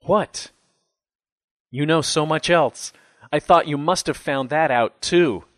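A distraught young man, raw and furious, voiced by a male narrator. His lines come out louder and higher than the narration, in anguished outbursts. The recording is dry and close-miked. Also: measured pace, no room sound, natural voice. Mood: urgent.

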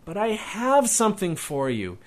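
A man's voice: on the high side, lively intonation, a bit bright, pitched above the performer's own voice, exaggerated voice. A man reading aloud and voicing a ten-year-old boy who pleads and whines in a rush of words. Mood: eager. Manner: whiny, pleading, rushes his words.

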